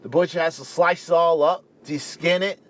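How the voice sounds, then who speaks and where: A young man from the Caribbean, rambling in a casual, animated talk to camera and peppering his speech with "you know". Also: fairly high pitch, moderate pace. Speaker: vegan speaker.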